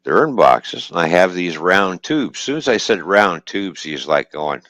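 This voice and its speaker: Very deep-voiced man telling a trucking story. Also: very animated, normal speed, fairly bright tone, dry recording. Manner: swears freely, quotes dialogue, laughs while telling. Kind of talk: casual storytelling on a stream.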